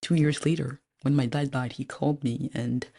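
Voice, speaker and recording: A woman lawyer giving a measured personal testimony, speaking deliberately with frequent pauses. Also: rumbling low, fairly even intonation, vocal fry, dark tone, a little hiss or hum. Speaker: lawyer recounting a personal legal dispute.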